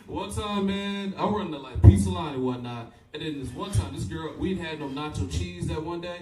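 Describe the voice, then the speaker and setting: Young guy doing stand-up, swearing a lot and cracking himself up, kinda high voice, echoey club mic from far off. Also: moderate pace, a little mellow. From Fort Wayne, Indiana. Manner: loose, profane, laughing at his own jokes. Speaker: stand-up comedian. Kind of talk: live stand-up set with crowd work. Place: comedy club stage. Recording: echoey club recorded from a distance.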